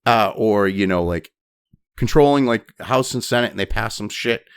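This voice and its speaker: A man angrily ranting and cursing as he reads news items aloud, breaking off into loud outbursts. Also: fairly low pitch, normal speed, smooth, no echo, studio quality. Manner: angry, swearing constantly, swinging between flat reading and loud outbursts. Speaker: commentator reading and reacting to news. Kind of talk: profane political rant over news reading.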